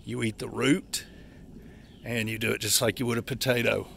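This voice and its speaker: A man's voice: medium pitch, steady tone, normal speed, gravelly, a bit bright, slight background noise. A man, slightly out of breath and stuffy-nosed, giving a folksy, rambling walk-through of wild plants outdoors in a yard. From Appalachia, United States. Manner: folksy, rambling, corrects himself. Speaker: forager showing wild edibles. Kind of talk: casual walking vlog.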